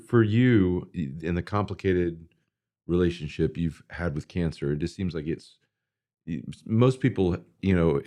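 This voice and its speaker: A man's voice: low-pitched, dark tone. A man hosting a podcast interview, asking long, searching questions that he restarts and fills with "like". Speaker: podcast host. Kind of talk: casual interview.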